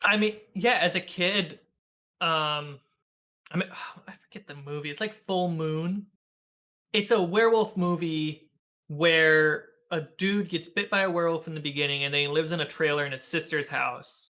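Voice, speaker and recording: A man speaks as a guest over a video call, in a bright voice that sits a bit high for a man. He tells stories with animation, acting out the lines he quotes and laughing often along the way. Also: normal speed. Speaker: guest, filmmaker and game master. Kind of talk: casual conversational interview.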